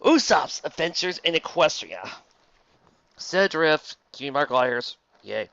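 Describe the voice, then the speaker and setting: A wry, animated reader narrating a fan story aloud, on a dull lo-fi recording. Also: mid-range voice, takes it slowly, creaky, dry recording.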